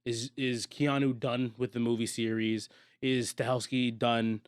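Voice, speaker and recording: A man's voice: unhurried, clear, resonant tone, no echo. Dry-voiced man recapping a movie. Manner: animated, laughs often, jumps higher when excited. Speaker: podcast co-host. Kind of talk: casual movie recap chat.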